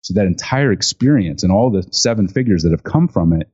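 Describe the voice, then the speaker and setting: Low-voiced man telling a story animatedly. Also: brisk, slightly rough. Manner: animated storyteller acting out quotes with many fillers. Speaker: guest, speaker and author on gifting. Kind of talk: storytelling in an interview. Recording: dull lo-fi sound.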